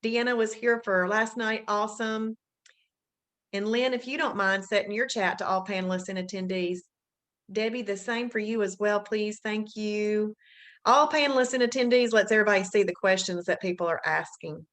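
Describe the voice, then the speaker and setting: A woman's voice: mid-range voice, normal speed, fairly bright tone. A woman with an Alabama accent hosting a live webinar, chatting casually and greeting viewers by name in an upbeat way. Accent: Southern US, Alabama. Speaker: webinar host.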